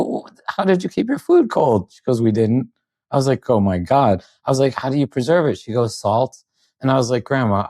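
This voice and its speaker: Chatting on a podcast as a guest, a man tells stories and brings the dialogue to life by acting out the quotes. His voice is mid-range with vocal fry, and there's no echo.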